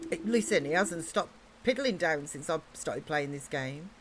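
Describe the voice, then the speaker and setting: A woman's voice: deep voice, animated, normal speed, a little hiss or hum. An English woman with an English accent chatting casually and giggling as she livestreams a video game. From England. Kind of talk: casual let's-play chat.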